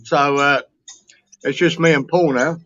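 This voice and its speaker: A tired, middle-aged Londoner with a Cockney accent chats as a guest, casual and blunt, swearing plenty. His voice sits a little high with fairly even intonation, a measured pace and a fairly bright tone. The recording is dull and lo-fi with faint noise.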